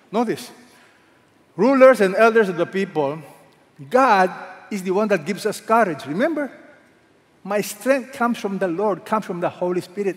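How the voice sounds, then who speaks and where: A man preaching a sermon as pastor, emphatic, asking the congregation questions and having them read along. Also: on the high side. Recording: echoey hall with long reverb.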